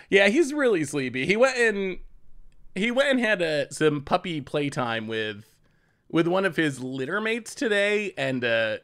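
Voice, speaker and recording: A man's voice: on the high side, a bit bright. A man casually commentating his card game on a live stream, chatty, laughing often and repeating himself as he talks.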